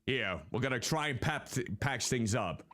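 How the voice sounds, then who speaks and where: Lively male streamer chatting over gameplay. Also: medium pitch, moderate pace. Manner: animated, talks to the game characters. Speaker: VTuber streamer. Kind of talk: casual gameplay commentary. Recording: faint game music behind.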